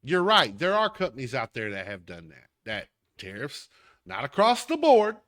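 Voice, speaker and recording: A man's voice: medium pitch, wildly swooping pitch, normal speed, a bit bright. A man with a Southern accent hosting a podcast, delivering an emphatic, heated political commentary rant straight at the listener. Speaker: podcast host.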